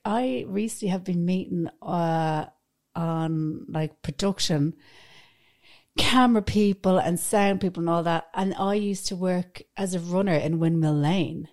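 A woman's voice: fairly low pitch, unhurried, a little mellow. An Irish woman co-hosting a podcast, talking bluntly with lots of swearing and teasing. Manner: sweary, blunt, teasing, puts on mocking voices. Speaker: podcast co-host. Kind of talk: casual chat.

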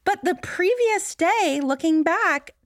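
A woman's voice: very high voice, expressive, slow, no room sound, clean studio sound. A woman co-hosting a podcast, candidly telling her own stories with self-deprecating laughter. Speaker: podcast co-host. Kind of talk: candid conversational podcast talk.

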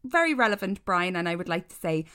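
Lively, animated woman podcast co-host. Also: fairly low pitch, fast talker, clean tone. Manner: animated, swears freely, ranting. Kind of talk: casual chat.

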